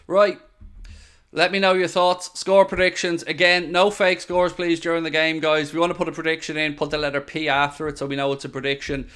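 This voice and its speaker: A man's voice: fairly high pitch, a little fast, clear, resonant tone. Chatty man hosting a football watchalong. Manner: excitable, pleading, chatty with viewers. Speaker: watchalong host. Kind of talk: live football watchalong chat.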